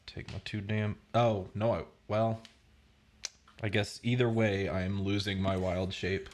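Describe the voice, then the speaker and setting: A man's voice: on the low side, level tone, measured pace, a little hiss or hum. A man playing a tabletop game, thinking aloud hesitantly about his turn. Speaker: player. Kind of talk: casual tabletop play.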